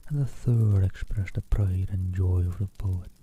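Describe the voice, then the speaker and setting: Deep soft-spoken man reading in a whisper. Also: steady tone, phone-quality sound, a little hiss or hum. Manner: soft, slow and half-whispered. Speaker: storyteller and streamer. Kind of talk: ASMR storybook reading.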